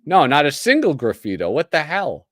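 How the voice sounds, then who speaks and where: A man's voice: on the high side, wildly swooping pitch, moderate pace, a bit bright, no room sound, studio quality. A man with a Midwestern American accent, hosting a casual livestream, chatty and joking as he reads aloud. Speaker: host.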